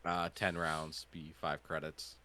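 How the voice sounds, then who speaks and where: A man's voice: rumbling low, flat delivery, takes it slowly, pushed and bright, a little hiss or hum. A man running a tabletop game as game master, talking casually and thinking aloud.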